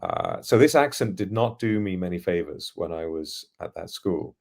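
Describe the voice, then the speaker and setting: Deep gravelly man with a posh English accent. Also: expressive, moderate pace. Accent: standard English, trained by acting lessons. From England, East London. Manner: articulate, reflective, anecdotal, laughs now and then. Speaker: podcast guest, futurist. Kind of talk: casual storytelling in an interview.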